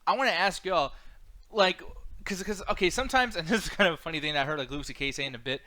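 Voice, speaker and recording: A man's voice: fairly high pitch, quick pace, pushed and bright. A man co-hosting a gaming livestream podcast, swearing, joking and rambling in casual banter. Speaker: podcast co-host.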